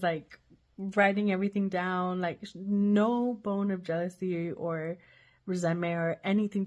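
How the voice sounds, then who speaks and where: A woman's voice: lowish voice, a little mellow. A woman hosting a book club, chatting casually and thinking aloud with enthusiasm.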